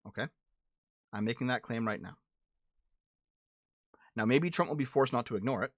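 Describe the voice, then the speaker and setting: A man's voice: medium pitch, normal speed, long pauses, dry recording, studio quality. A man hosting a livestream, arguing politics with his chat in a blunt, profane way and often restarting his words. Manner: repeats and restarts words when heated. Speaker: livestream show host. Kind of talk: casual political commentary answering chat.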